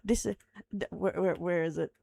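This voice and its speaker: A woman's voice: on the low side, fairly even intonation, normal speed, vocal fry, dark tone, dry recording. A tired young Australian woman streamer chatting casually with viewers, giggling, rambling and swearing as she goes. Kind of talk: casual live-stream chat.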